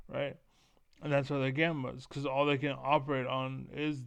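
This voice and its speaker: A man streaming a casual, profane rant that rambles, with filler words repeated over and over and the throat often cleared. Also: medium pitch, flat delivery, normal speed, no echo.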